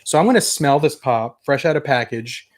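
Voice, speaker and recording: A man's voice: medium pitch, lively intonation, moderate pace. A young adult man casually chatting on a toy collecting livestream, rambling and enthusiastic as he reads viewer comments. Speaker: toy collector channel host.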